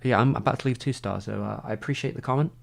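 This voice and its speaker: A man's voice: medium pitch, fast talker, creaky. A man chatting casually on a livestream, rambling and saying "like" constantly. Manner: rambling, heavy use of "like".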